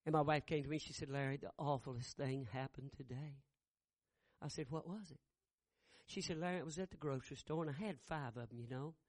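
A middle-aged man preaching a sermon, telling a family story and building to loud shouted peaks. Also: fairly high pitch, brisk, no echo, clean studio sound. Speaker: pastor.

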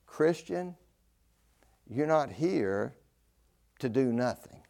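An older man preaching a fervent sermon, swinging between loud declaring and low, slow emphasis. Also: expressive, creaky.

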